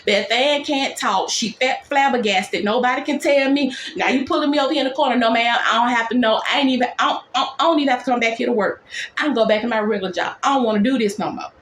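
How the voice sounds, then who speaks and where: A woman nurse telling a dramatic workplace story in a storytime vlog, talking in quick, animated bursts. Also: fairly high pitch, roomy sound, slight background noise.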